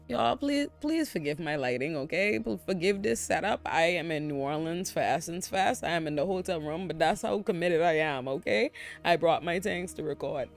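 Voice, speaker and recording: A man hosting a casual TV episode recap from a hotel room, ranting in an animated, exasperated and profane way. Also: fairly high pitch, moderate pace, gravelly, soft background music. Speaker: TV recap host.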